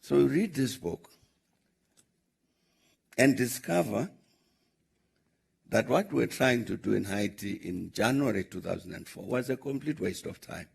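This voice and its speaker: An older South African man telling a long anecdote at a question-and-answer session, measured and pausing often with "uh" as he recounts conversations. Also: medium pitch, expressive, a little mellow. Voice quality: gravelly, husky. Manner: measured, recounting dialogue with frequent "uh" pauses. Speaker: former head of state answering questions. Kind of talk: anecdotal storytelling in a Q&A.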